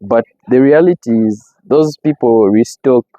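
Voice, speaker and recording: A man's voice: mid-range voice, unhurried, no room sound. A young man, speaking as a podcast guest in casual interview talk and explaining his points with everyday examples. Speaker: podcast guest, company CEO. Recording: slightly muffled, dry.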